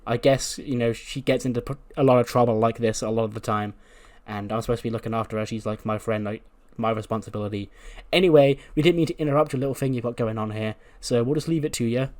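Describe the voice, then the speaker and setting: A man's voice: mid-range voice, quick pace, a little mellow, natural voice. A man voicing a flustered young female wrestler who apologizes and rambles. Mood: apologetic.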